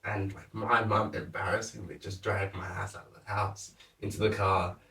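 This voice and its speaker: A young man, a podcast guest, chatting casually with a relaxed, laughing manner and a lot of "like". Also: on the low side, normal speed, creaky. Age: young adult. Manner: laid-back, laughs often, lots of "like". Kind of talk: casual chat. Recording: echoey room, mic at a distance.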